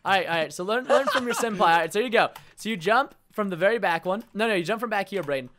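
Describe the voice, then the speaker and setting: A young man hosting a gaming session, laughing a lot and shouting encouragement while coaching a friend. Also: sits high, animated, fast talker. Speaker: host. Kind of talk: excited gaming chat.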